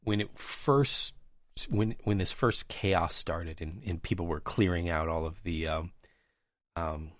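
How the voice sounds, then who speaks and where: A man with a very low voice tells a casual, wandering anecdote, full of "you know" and "um." The sound is dry with no room echo. It sounds like relaxed podcast chatter between colleagues. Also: slow pace. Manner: rambling anecdotal storyteller, many fillers. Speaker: podcast host. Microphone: remote call mic.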